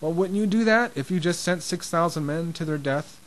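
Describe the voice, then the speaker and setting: A man's voice: fairly high pitch, a little fast, poor audio. A man preaching an informal sermon in a conversational way, growing impassioned, with frequent restarts.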